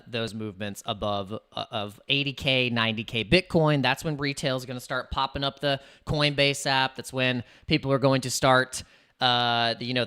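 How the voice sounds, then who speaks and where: A man's voice: medium pitch, sharp tone, smooth. A man hosting a casual crypto livestream, chatty and rambling, hyping up his viewers.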